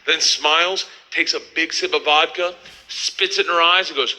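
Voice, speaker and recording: A middle-aged man telling a wild story as a stand-up comedian, loud and animated, yelling punchlines in high voices. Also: normal speed, low-quality recording.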